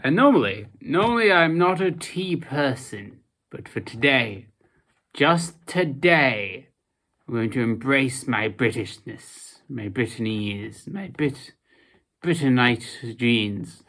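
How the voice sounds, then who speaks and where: A sleep-deprived young vlogger rambles through a casual chat in an unhurried drawl. The voice stays mid-pitched but swings up and down a lot, sinking into drowsy mumbles and then jumping into sudden animated bursts.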